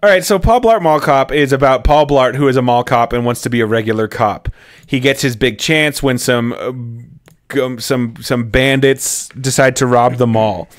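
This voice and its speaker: A man's voice: medium pitch, normal speed. A man co-hosting a comedy film podcast in casual chat, playful and riffing. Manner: playful, riffs and repeats phrases. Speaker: podcast co-host.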